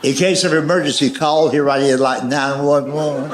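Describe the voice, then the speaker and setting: A man telling folksy stories on a comedy stage in a drawling, deadpan way. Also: a little high, moderate pace, noisy background. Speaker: stand-up comedian. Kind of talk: stand-up storytelling. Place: comedy stage before a live audience. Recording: echoey live venue.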